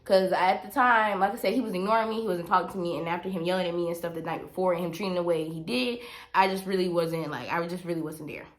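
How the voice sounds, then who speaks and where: A woman's voice: fairly low pitch, fast talker. A young woman telling a personal story on her vlog, emphatic and repetitive, talking straight to her viewers. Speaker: vlogger.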